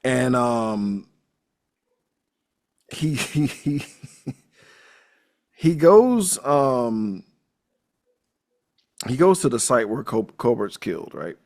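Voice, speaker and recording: Male podcast host, lively swinging delivery, loose and profane recap style. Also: mid-range voice, very slow, pauses often. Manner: animated, profane, recaps with acted-out quotes. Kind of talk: casual movie recap chat.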